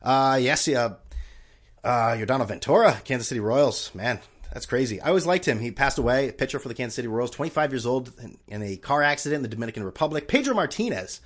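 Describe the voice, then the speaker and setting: A male podcast host talking on his own in a loose, rambling rant, sarcastic and liberal with swearing. His pitch moves a lot, and his delivery is animated. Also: fast talker. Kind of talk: casual solo podcast rant.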